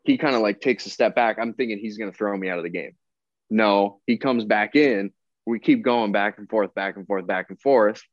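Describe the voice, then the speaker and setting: Low-voiced man telling a story. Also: normal speed, no echo. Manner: relaxed, chatty, quotes people in dialogue. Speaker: podcast guest, pro baseball player. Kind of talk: casual storytelling. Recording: dull, lo-fi dry sound.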